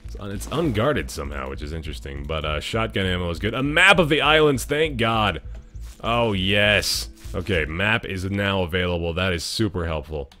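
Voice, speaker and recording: A man hosting a let's-play video, commenting as he plays; excitable, dropping from quiet muttering to sudden loud yelps and laughter. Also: deep voice, normal speed, faint music behind. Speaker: gaming video host.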